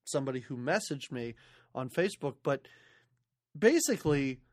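A woman's voice: very deep voice, animated, normal speed, darkish tone, no room sound, studio quality. A woman co-hosting a casual movie podcast, wry and incredulous, often laughing as she talks. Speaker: podcast co-host.

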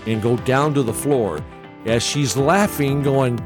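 A man in his sixties hosts a podcast, telling a story in a relaxed monologue with a mid-range, slightly slow voice over music. He chuckles often and caps his lines with "okay?"

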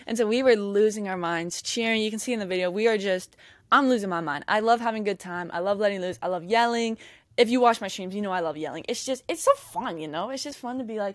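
A woman's voice: mid-range voice, moderate pace, no room sound. A young woman hosting a podcast, telling a story in casual chat and acting out what people said. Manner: excitable storyteller who acts out quotes. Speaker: podcast host. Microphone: camera mic.

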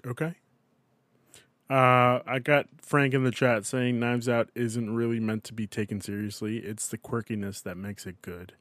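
A man's voice: mid-range voice, fairly even intonation, moderate pace, a bit bright, no room sound. Casual swearing male podcast host. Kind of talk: casual chat.

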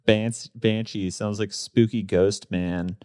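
A man in his thirties, a guest in a casual interview, telling stories in a relaxed way with lots of fillers and laughs. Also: lowish voice, slow, no room sound, studio quality. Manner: relaxed storyteller, laughs often, many fillers.

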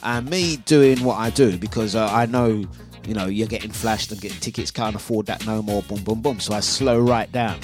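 A man, hosting a breakfast radio show and telling a story in a lively, casual way, acting out his own quotes. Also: fairly low pitch, normal speed, faint music behind. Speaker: radio host. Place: radio studio.

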